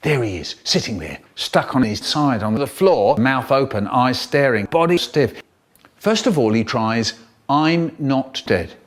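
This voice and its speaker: Lively man telling a story. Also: medium pitch, a little slow. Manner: lively, vivid storyteller who acts out the scenes. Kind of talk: comic childhood storytelling, chopped by remix edits.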